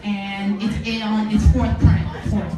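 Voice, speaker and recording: A woman guest on a live podcast tells her stories with animated energy, acting out what others said and laughing along. She sits in a very echoey venue, heard from some distance from the mic, with music behind her. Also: mid-range voice, unhurried, crowd noise. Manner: animated, acts out quotes with laughter. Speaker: guest author. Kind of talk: live podcast interview storytelling. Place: live podcast event before an audience.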